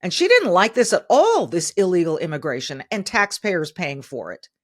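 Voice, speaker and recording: A woman's voice: fairly low pitch, big pitch swings, moderate pace. A middle-aged woman hosting a podcast, delivering emphatic opinion commentary and repeating phrases for stress. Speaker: podcast host.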